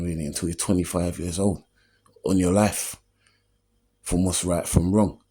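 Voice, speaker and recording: Dark-toned, low and husky, the voice belongs to a man in his 40s, a comedian hosting his own opinion show. Streetwise yet earnest, he gives a motivational monologue, constantly asking "you know what I mean?"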